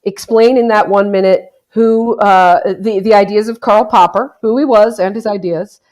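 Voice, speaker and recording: A woman's voice: medium pitch, steady tone, normal speed, darkish tone. A woman hosting a casual podcast chat with friends, playful and bossy, often laughing. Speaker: podcast host.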